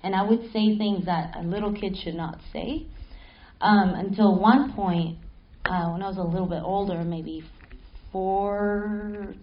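Animated woman telling a spooky story. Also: mid-range voice, dull audio. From Mexico City. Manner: animated, laughing, swears casually. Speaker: panel guest. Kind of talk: live panel storytelling. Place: stage at a film festival panel.

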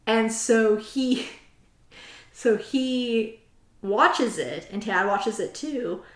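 A woman's voice: on the high side, drawn-out words. A woman hosting a casual chat, animatedly retelling a story and reading quotes aloud from a book. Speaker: host. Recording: roomy echo.

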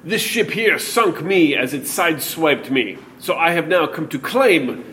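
A man's voice: fairly high pitch, lively intonation, measured pace, fairly bright tone, a little hiss or hum. A man playing a swaggering, shipwrecked pirate captain, talking in a grandiose, boastful way during a tabletop game at a gaming convention.

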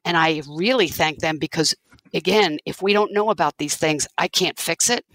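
A woman's voice: sits low, normal speed, fairly bright tone, no echo, rough recording. Earnest woman business owner, dry sound. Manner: earnest, reflective, many restarts. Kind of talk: conversational interview storytelling.

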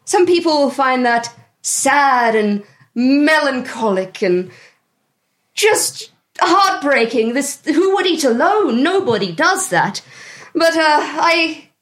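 Haughty witchy fortune-teller voiced by a woman, high and lilting, unhurried, tabletop game. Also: big pitch swings, heavily acted. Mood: pompous. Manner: haughty, theatrical, giggly. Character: snooty fortune-telling female would-be writer with a witchy cackle.

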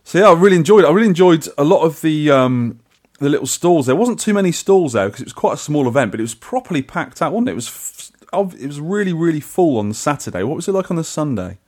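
Fast-talking chatty man. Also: fairly high pitch, sing-song, darkish tone. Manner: chatty, rambling with restarts. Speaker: podcast co-host. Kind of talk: casual chat.

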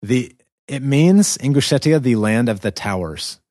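A man's voice: mid-range voice, animated, measured pace, a little mellow, no room sound, clean studio sound. A man with an American Southern accent who hosts a podcast and explains things with enthusiasm in a casual chat. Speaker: podcast host.

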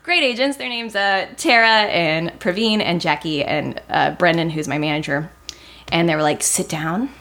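A woman's voice: lowish voice, moderate pace. A young woman, a TV writer, chatting in an interview and acting out the people in her stories. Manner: animated, acts out quotes in a raised voice. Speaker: TV writer guest. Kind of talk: casual interview storytelling.

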